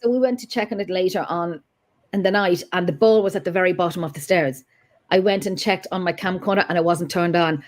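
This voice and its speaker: Animated woman telling a ghost story. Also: a little fast. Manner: animated, rises in pitch when upset. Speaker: paranormal investigator guest. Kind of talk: storytelling in conversation.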